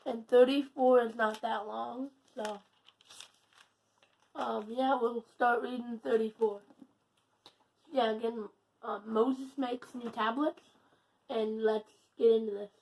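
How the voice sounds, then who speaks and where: Slow, careful woman reading scripture aloud. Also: a little high, fairly even intonation, vocal fry, a little mellow, a little hiss or hum, rough recording. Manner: slow and careful, with small stumbles and restarts. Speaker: scripture reader.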